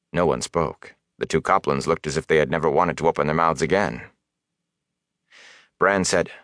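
A man narrating an audiobook in an expressive, dramatic reading. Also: rumbling low, normal speed, no room sound, studio quality. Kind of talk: scripted narration.

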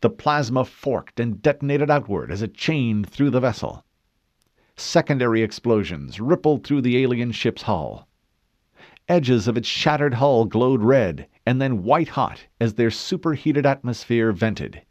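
A man narrating an audiobook in a steady, dramatic storytelling manner. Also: mid-range voice, a little slow, no echo. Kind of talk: scripted narration.

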